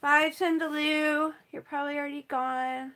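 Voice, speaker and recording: A woman's voice: sits high, level tone, moderate pace, pushed and bright. A woman chatting casually on a livestream while she paints, sighing and pouting over a setback.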